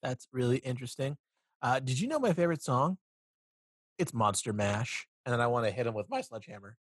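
A man's voice: mid-range voice, very animated, a little fast, no room sound, studio quality. A man playing in a tabletop role-playing game, eager and jokey. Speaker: player. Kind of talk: casual tabletop play.

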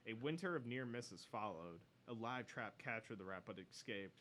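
A man's voice: mid-range voice, expressive, moderate pace, pushed and bright. A man co-hosting a casual podcast, reading a news story aloud with profane, sardonic asides. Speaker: podcast co-host.

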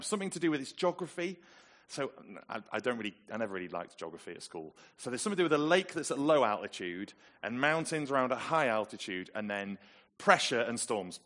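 A man from England preaching a sermon, telling the story with lively, dramatic emphasis. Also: medium pitch.

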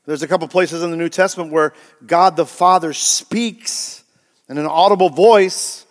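A man's voice: on the high side, moderate pace, big-room sound. A male pastor preaching a sermon, emphatic and often asking the congregation rhetorical questions.

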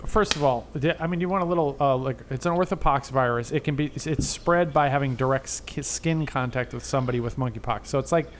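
A man's voice: medium pitch, fast talker, few pauses, a little hiss or hum. A man from the Boston area, co-hosting a podcast in a chatty, rambling way, often stopping himself mid-sentence to explain things. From Boston area, USA. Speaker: podcast co-host. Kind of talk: casual podcast chat.

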